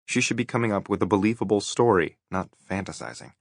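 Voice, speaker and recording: A man narrating a romance audiobook in a soft, measured, intimate way. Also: on the low side, gravelly, no room sound, clean studio sound. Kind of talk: scripted narration.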